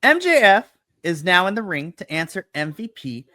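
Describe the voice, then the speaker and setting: A man co-hosting a wrestling podcast, recapping the show in a playful, animated way and acting out quotes. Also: sits high, normal speed, no room sound, clean studio sound. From US West Coast. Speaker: podcast co-host. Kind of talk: casual chat, wrestling review. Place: home.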